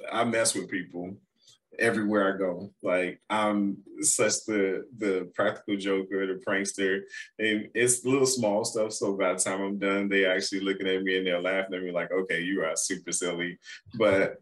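A man's voice: deep voice, little pitch movement, moderate pace, fairly bright tone, poor audio. A middle-aged man hosting a casual conversation, laughing often and telling playful stories. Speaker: podcast host.

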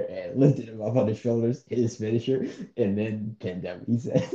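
Deep mellow guy chatting on a podcast, blunt, kinda dismissive, echoey dull recording. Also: moderate pace. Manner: blunt, dismissive, laughs often. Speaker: co-host. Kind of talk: casual podcast chat. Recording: echoey dull-sounding room.

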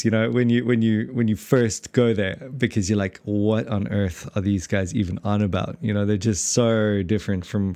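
South african guy on a podcast, kinda low voice, dry close sound, lots of restarts. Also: a little mellow, no room sound. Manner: rambling, many restarts, laughs often. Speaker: podcast co-host. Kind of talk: casual theological chat.

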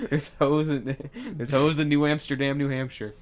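A man's voice: a little high, level tone. A man hosting a casual comedy podcast, rambling through a made-up film plot and briefly acting out its characters. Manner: rambling storyteller who acts out characters in quick bits. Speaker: podcast host.

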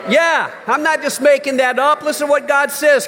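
Older male preacher, high voice. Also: moderate pace, hardly any pauses, big-room sound. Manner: preaching with swings from quiet to shouted emphasis. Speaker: pastor. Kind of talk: sermon.

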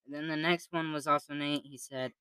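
A man's voice: on the high side, fairly even intonation, a little fast, bright, forceful tone, clear, resonant tone, dry recording. A young man co-hosting a podcast in casual chat, teasing his brother with jokey banter. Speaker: podcast co-host.

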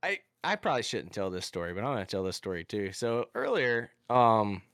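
Animated man in his thirties, lively. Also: fairly low pitch, fairly quick, no echo, studio quality. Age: 30s. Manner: animated storyteller, acts out voices. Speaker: podcast guest. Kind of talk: casual chat, storytelling.

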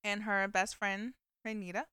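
A woman with a bright, forward voice talks casually, filling her retelling with likes and you-knows. Her tone is very smooth and clean, recorded close and dry with no room sound. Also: mid-range voice, flat delivery, normal speed, no echo. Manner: chatty storytelling with many fillers. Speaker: vlogger recapping a movie. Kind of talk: casual chat.

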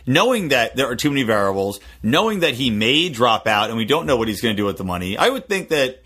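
A man's voice: medium pitch, very animated, pushed and bright, breathy edge. A man co-hosting a casual political podcast, joking and riffing as he talks. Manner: jokey, quick to riff and do silly voices. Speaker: podcast co-host, political analyst.

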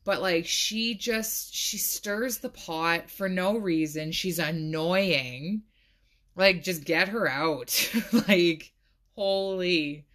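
A woman's voice: fairly low pitch, drawn-out words, fairly bright tone. A woman hosting a casual solo podcast, chatty and full of "like," laughing now and then. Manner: chatty, says "like" a lot, laughs often. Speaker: podcast host.

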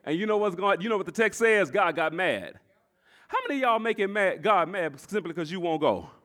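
Male pastor, sermon in church: high, brassy voice, rhythmic repetition, swells to shouts. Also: lively intonation, a little fast. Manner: storytelling preacher, repeats phrases, swells to shouts.

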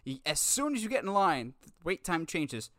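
A man co-hosting a casual movie news podcast, talking in an animated, exasperated way. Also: on the high side, normal speed, dry recording, studio quality. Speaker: podcast co-host.

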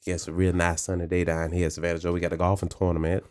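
A folksy Southern man brags about his sunny home town in an easygoing drawl, as a podcast host puts on the voice. The voice is low and unhurried, with a relaxed, homespun warmth in the telling. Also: natural voice.

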